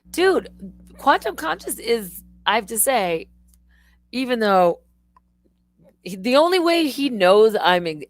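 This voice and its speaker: Excitable woman live streamer, rambling chat. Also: on the low side, no room sound. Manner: excitable, rambling, swearing, laughs often.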